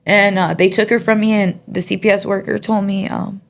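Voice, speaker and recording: A woman telling her own story in a relaxed interview. She speaks softly and haltingly, pausing often and filling gaps as she goes. Her voice sits at an ordinary middle pitch. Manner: soft-spoken and halting, with many pauses and fillers. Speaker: interview guest. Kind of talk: personal testimony in casual conversation.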